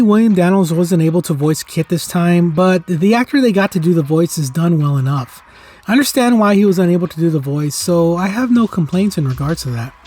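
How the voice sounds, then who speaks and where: Husky middle-aged man reviewing toys. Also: sits high, a little mellow. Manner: enthusiastic, nostalgic, earnest. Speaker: toy reviewer, channel host. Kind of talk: scripted review narration.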